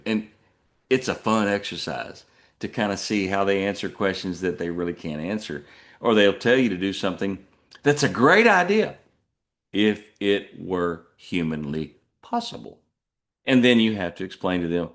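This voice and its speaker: Rambling middle-aged truck driver podcaster. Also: male voice, moderate pace. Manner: rambling, self-deprecating, with many restarts; puts on jumpy high voices when quoting people. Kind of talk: casual storytelling monologue.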